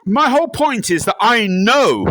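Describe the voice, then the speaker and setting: Casting: man, high lively bright voice, deadpan comic interviewee prone to shrieking impressions. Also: a little slow, no echo, low-quality recording. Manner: bursts into loud shrieking impressions. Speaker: interviewee in a comedy sketch.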